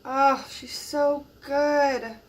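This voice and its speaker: A woman hosting a crafting channel, narrating an unboxing in a casual, gushing way, admiring each item with soft exclamations. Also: high voice, steady tone, very slow, far from the mic.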